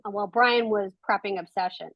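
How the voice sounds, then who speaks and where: A woman's voice: mid-range voice, normal speed, no echo, dull audio. A woman guest on a podcast, a documentary filmmaker, telling reflective anecdotes in casual conversation. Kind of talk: casual interview chat.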